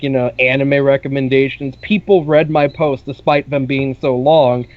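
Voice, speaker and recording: A man's voice: on the high side, dull audio. A young man co-hosting a podcast, telling a long story in a rambling way, with lots of "like" and casual swearing. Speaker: podcast co-host.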